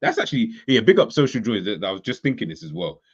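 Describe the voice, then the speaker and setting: Man from London, low voice, halting casual banter, dull recording. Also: sing-song, breathy edge. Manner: chatty, halting, many restarts.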